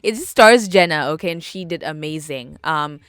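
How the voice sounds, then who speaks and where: A young woman talks through her solo podcast in a bubbly, chatty way, laughing easily and doubling up words for emphasis. Her voice sits a little low for a woman. The sound is dry and close, with no room around it. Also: normal speed, fairly bright tone, clear, resonant tone, dry recording. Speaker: podcast host. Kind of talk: casual solo podcast chat.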